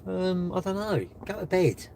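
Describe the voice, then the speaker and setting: A man's voice: sits high, measured pace, creaky, slight background noise. Sarcastic British man on a live stream. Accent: British English. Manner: sarcastic, mocking and lively. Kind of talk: live stream, reading and answering comments. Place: in a car while charging it.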